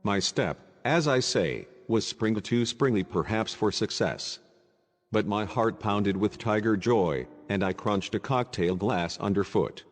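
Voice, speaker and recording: Low-voiced man narrating an audiobook. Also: unhurried, big-room sound.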